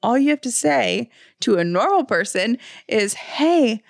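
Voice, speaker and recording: A woman's voice: on the high side, lively intonation, moderate pace, creaky, no echo, clean studio sound. A woman in her thirties co-hosting a podcast, chatting casually and reading out fun facts with frequent laughs. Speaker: podcast co-host. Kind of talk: casual chat.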